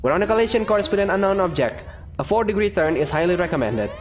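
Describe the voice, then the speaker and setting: A man reading the lines of a sarcastic, gloomy spaceship computer from a game, in a dry deadpan way. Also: sits high, fast talker, voice pushed up. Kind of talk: reading game dialogue aloud.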